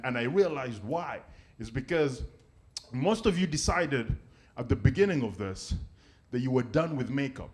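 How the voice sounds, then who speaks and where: Male stand-up from Africa, high voice, animated delivery, acts out other people's voices. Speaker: comedian. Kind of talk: stand-up comedy.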